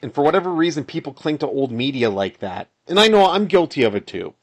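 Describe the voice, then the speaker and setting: A man's voice: on the high side, animated, quick pace. Rambling man talking over gameplay. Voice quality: rambling, with frequent restarts and sighs. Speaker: solo game developer. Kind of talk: casual commentary over gameplay.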